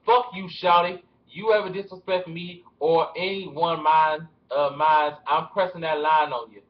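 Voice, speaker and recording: A man putting on an impression of a swaggering male rapper, drawling profane threats slowly, recorded with dull lo-fi webcam sound. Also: on the high side, natural voice. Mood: menacing. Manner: menacing, profane, slow drawl.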